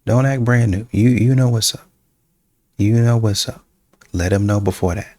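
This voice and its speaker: A man's voice: on the low side, normal speed, dark tone, dry recording, studio quality. A man hosting a reaction show, giving blunt casual commentary on clips and repeating his points.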